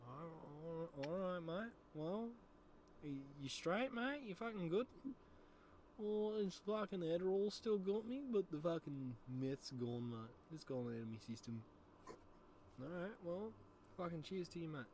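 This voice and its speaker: A man on a gaming stream voicing a groggy, drugged-out character who mumbles quietly and calls everyone mate. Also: fairly high pitch, lively intonation, a little slow, a little hiss or hum, voice pushed up. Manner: mumbly, drowsy, quiet, says mate constantly.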